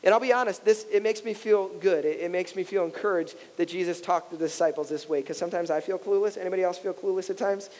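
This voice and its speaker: A man in his thirties preaches with a high, light voice, chatting to his congregation more than lecturing and slipping into quoted voices with a laugh. His words ring out with a long reverb, as in a large church hall. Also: quick pace, few pauses, a little mellow. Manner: casual and conversational, acts out quoted voices, laughs often. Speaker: pastor. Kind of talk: sermon.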